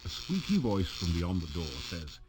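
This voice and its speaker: A man's voice: low voice, big pitch swings, normal speed, a little mellow, breathy edge, faint music behind, full character voice. A man narrating a video game, describing actions in a dry storytelling manner. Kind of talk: scripted narration.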